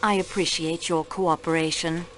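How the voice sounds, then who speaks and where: A woman's voice: lowish voice, steady tone, normal speed, a bit bright, a little hiss or hum, lightly acted. Woman playing a polite French investigator. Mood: composed. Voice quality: formal, composed, courteous. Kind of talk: video game voice acting.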